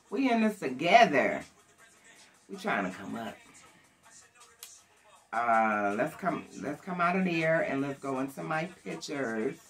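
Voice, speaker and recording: An older woman from Buffalo, New York, chatting to camera alone at home and talking straight to her viewers. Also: low voice. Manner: chatty, animated, addresses viewers directly. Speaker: thrift haul vlogger. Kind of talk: casual chat to camera.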